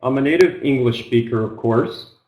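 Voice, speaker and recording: A middle-aged man from Oregon with a plain Pacific Northwest American accent, teaching an online business English trial lesson in a slow, unhurried way with frequent ums. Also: medium pitch, a little mellow, roomy sound, low-quality recording. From Oregon, United States.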